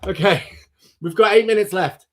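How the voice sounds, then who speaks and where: A man's voice: sits high, normal speed, fairly bright tone. A young man hosting a casual live stream, chatty and often breaking into laughter. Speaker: livestream host.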